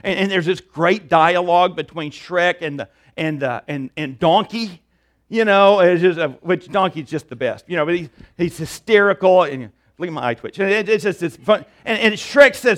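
A man's voice: high voice, normal speed. A man preaching a conversational sermon as a pastor, often repeating words as he goes.

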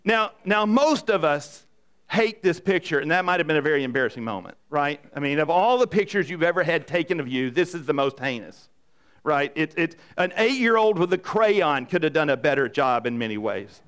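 A man preaching a sermon to a congregation in a conversational, animated way, often asking the room questions. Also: on the high side, fairly quick, smooth. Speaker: pastor. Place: church in front of a congregation.

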